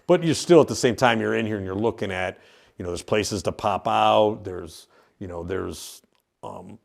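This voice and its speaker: A man's voice: lowish voice, moderate pace, gravelly. A man who owns a haunted house, casually explaining it on a tour with lots of fillers and restarts. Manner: rambling, with many fillers and restarts. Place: inside an old industrial building.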